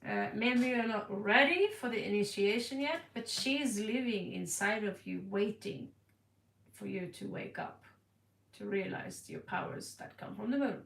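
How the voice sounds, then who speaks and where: A woman's voice: medium pitch, measured pace, gravelly, fairly bright tone. A woman giving a casual tarot reading to camera, blunt and playful, laughing and repeating words for effect. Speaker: tarot card reader. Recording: echoey room, voice distant from the mic.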